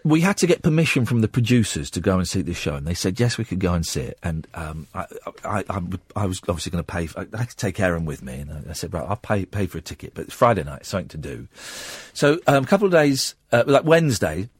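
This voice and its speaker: Husky, lively-voiced radio host telling a story. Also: male voice, fairly low pitch, fast talker, few pauses, dry recording. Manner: rambling storytelling with many fillers and restarts. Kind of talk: late-night radio phone-in anecdote.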